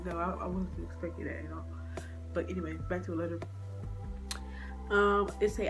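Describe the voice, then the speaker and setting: A woman's voice: fairly low pitch, steady tone, normal speed, long pauses. A young woman vlogging casually, reading a personal letter aloud in a candid, chatty way and laughing to keep from crying. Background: background music.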